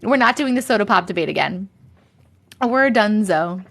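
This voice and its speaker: A woman's voice: medium pitch, expressive, moderate pace, vocal fry. A woman from Long Island with a New York accent, hosting a rambling, chatty live stream and laughing often. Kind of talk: casual live-stream chat.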